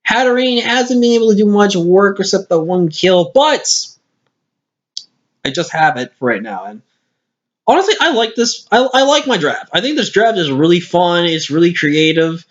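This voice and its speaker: High-pitched and very animated at a normal speed, the man gives loose commentary on a game replay while tired and hiccuping. He rambles and self-corrects, heard through a lo-fi screen-capture mic.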